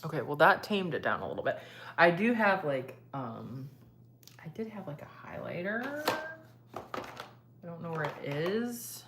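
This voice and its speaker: A young woman with a low voice, chatting casually to her viewers while doing her makeup. She reads out their comments and talks back to them, easy and unscripted. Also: very animated, a little slow, background noise. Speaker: beauty vlogger.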